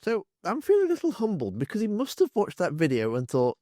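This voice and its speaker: A man delivers scripted political commentary with wry sarcasm. His voice rises and falls in a lively way. The recording is close and dry, with no room sound. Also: sits high, quick pace, hardly any pauses, dry recording. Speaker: political commentary channel host.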